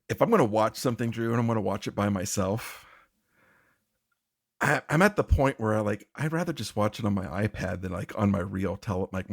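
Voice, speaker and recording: Gravelly man, lowish voice, casual rambling podcast co-host. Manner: rambling, self-interrupting, laughs often. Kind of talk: casual chat.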